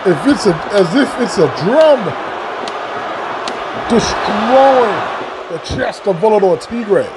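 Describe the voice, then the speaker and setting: A man giving excitable play-by-play commentary on a wrestling video game, repeating phrases and breaking into shouts at big moves. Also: high voice, slow pace. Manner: repeats phrases and restarts mid-call. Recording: loud game crowd and noise behind. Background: video game arena crowd noise.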